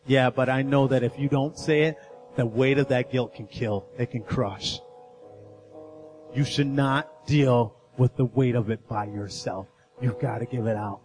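A man's voice: mid-range voice, a little mellow. A male guest speaker preaching a sermon in a church, telling a story and urging the congregation to confess and forgive. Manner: storytelling preacher, rising intensity, urgent appeals. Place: church sanctuary.

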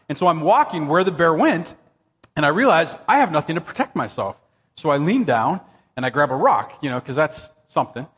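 High, lively preacher in a big hall. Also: male voice. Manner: animated, excitable storyteller who jumps to high exclamations. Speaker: pastor. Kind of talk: sermon with personal storytelling. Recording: long reverb of a church hall.

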